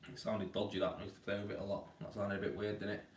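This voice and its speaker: A chatty man answers trade questions on a casual live stream, speaking in a lowish, matey voice. He sits a little back from the mic, and the room adds a roomy echo. The delivery stays loose and blokey throughout. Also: monotone, very fast, recorded from a distance. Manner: chatty, blokey, calls viewers mate. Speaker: plasterer hosting a live Q&A. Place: indoors at home.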